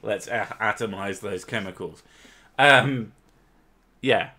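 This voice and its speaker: A man's voice: on the low side, takes it slowly, bright, forceful tone, breathy edge. A man hosting casual chat at home with his wife, bantering and arguing with lots of swearing. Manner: profane, argumentative banter. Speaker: channel host.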